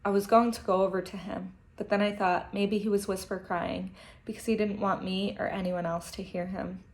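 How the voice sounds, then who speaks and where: A teacher reading a children's novel aloud to her class, gentle and expressive, with emotional asides. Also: mid-range voice, moderate pace.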